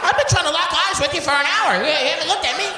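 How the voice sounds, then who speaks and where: A woman in a comedy club audience shouting back to the comic, gushing and folksy. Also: extremely high pitch, very fast, noisy background. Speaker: audience member. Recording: far-off echoey audience voice, loud crowd and music.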